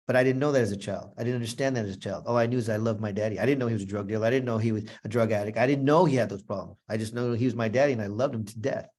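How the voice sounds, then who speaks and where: A man's voice: lowish voice, very fast, few pauses, a little mellow. A man speaking as a motivational speaker, telling a personal story to an audience in an earnest, repetitive, emotional way. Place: room with a live audience.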